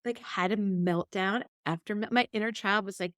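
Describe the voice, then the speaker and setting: A woman's voice: medium pitch, normal speed, no room sound, studio quality. A woman co-hosting a podcast, telling a personal story in casual chat and acting out what she said back then. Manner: animated, acts out her own past quotes. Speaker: podcast co-host.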